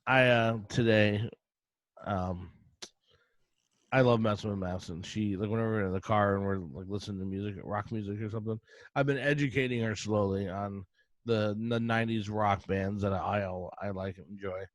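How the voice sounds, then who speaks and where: A middle-aged man hosting a podcast, telling a rambling casual story in quick bursts with frequent laughs. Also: on the low side, steady tone, dry recording. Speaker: podcast host. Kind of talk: casual chat.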